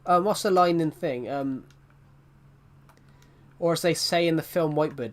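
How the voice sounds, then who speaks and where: A man's voice: fairly high pitch, normal speed, pauses often. A young man streaming a game, chatting casually and rambling between laughs. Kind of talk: casual live-stream chat.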